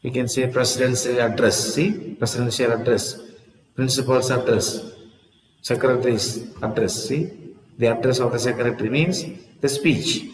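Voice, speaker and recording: A man's voice: medium pitch, fairly even intonation, normal speed, echoey room, in a large hall, far from the mic, rough recording. A man teaching an English lesson, repeating words aloud and checking in with "see?" as he explains. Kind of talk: classroom lesson on word stress.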